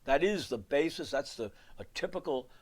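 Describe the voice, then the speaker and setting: A man teaches piano in a live online lesson, counting beats aloud and singing rhythm syllables while he plays and explains. His voice is fairly high and animated at a normal speed, and he drifts into rambling asides.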